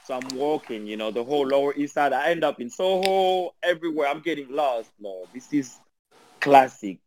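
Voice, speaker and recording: A man from Angola with a French accent, a podcast guest telling stories in an animated, laughing way with halting restarts over a remote call. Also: mid-range voice. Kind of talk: casual storytelling chat.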